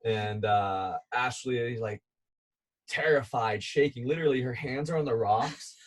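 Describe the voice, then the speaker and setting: A man's voice: medium pitch, measured pace. Laid-back man telling a story. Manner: animated, laughing as he tells a climbing story. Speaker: guest. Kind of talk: casual storytelling.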